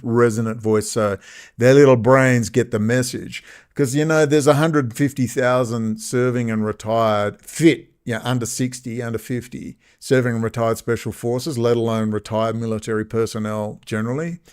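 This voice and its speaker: A man's voice: medium pitch, fairly even intonation, normal speed, darkish tone, clear, resonant tone. A man giving a rambling, fired-up political monologue, mocking and heated by turns. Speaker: political commentator. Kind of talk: unscripted monologue.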